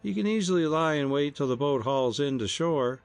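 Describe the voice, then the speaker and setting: Male reader voicing a steady young skipper, firm and resolute, pitched well up. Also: moderate pace, clear, resonant tone, no echo, soft background music.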